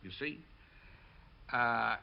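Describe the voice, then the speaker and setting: An older man sits for an interview, spinning lively stories and acting out the voices of the people in them. His pitch sits in an ordinary middle range. The recording is a little dull and lo-fi. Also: very slow, gravelly. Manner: lively storyteller acting out quotes. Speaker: film director. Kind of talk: interview recollection.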